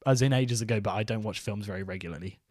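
A man's voice: lowish voice, fast, darkish tone, no echo, studio quality. A young man co-hosting a podcast in silly, giggly banter, given to wandering puns. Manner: goofy, giggly, trails off into puns. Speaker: podcast co-host.

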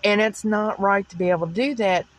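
A woman's voice: mid-range voice, fairly even intonation, a little fast. A woman from the American South with a Southern accent, talking through her opinions in a rambling solo podcast monologue full of fillers. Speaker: podcast host.

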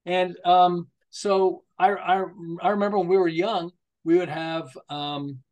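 A man's voice: sits high, a little slow, dull audio. An older man, a marketing consultant, chatting as a podcast guest and telling stories with frequent laughter. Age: 60s or older. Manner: animated, laughs often while telling jokes and anecdotes. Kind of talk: casual conversational storytelling.

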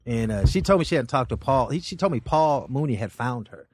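A male comedian appears as a guest, telling stories in a casual, rambling and animated chat, often restarting his sentences. His voice is medium-pitched, husky and a little fast, with no echo.

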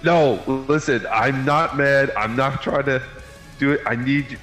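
A man's voice: medium pitch, unhurried, fairly bright tone, faint music behind, lightly acted. A man voicing a flustered male minotaur who pleads earnestly with a band of knights. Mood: pleading. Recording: roomy echo.

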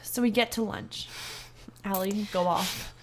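A young woman co-hosting a podcast, telling a story in casual chat, animated and full of swearing. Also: medium pitch, a little slow. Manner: animated, swearing, quotes people in heated voices. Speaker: podcast co-host.

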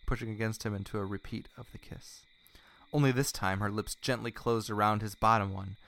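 A man reading a romance story aloud in a hushed, mock-earnest way. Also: on the low side, vocal fry. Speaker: reader of a fan story.

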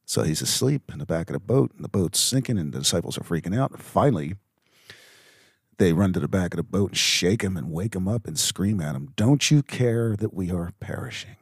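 A middle-aged man hosting a reflective faith podcast, speaking earnestly and haltingly with many fillers. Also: sits low, animated, husky, no echo, studio quality. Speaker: podcast host.

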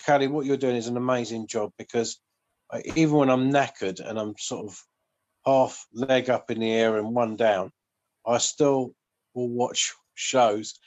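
A man's voice: mid-range voice, fairly even intonation, a little slow. Effusive Midlands man calling everyone mate. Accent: English Midlands. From English Midlands. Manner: warm, effusive praise, calls people mate. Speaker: guest. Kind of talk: casual chat.

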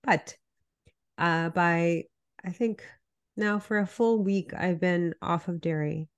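A woman's voice: lowish voice, slow pace, clear, resonant tone. A woman health coach with a stuffy, nasal voice from a cold, chatting casually and a little apologetically as a podcast co-host. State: congested, under the weather.

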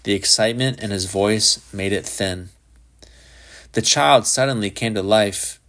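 Male audiobook reader, lowish voice, measured literary narration. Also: a bit bright. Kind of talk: scripted narration of a short story.

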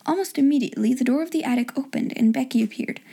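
A woman narrating a storybook in a gentle, measured reading voice. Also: sits high, breathy edge. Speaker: audiobook narrator.

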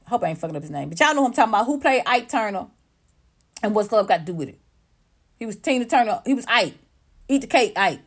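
Blunt, profane woman ranting on a livestream. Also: fairly high pitch. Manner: talks straight to viewers and chat. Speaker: livestream commentator. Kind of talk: unscripted livestream rant.

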